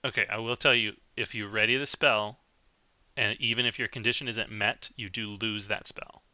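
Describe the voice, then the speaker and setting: A man running a tabletop game as game master, relaxed and chatty, laughing easily between fillers. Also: lowish voice, moderate pace, no echo, dull audio.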